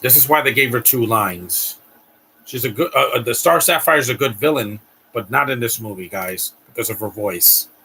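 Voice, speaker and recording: A man's voice: medium pitch, normal speed, pushed and bright, a little hiss or hum, rough recording. A man hosting a live stream, giving a blunt, ranting movie reaction commentary with frequent restarts.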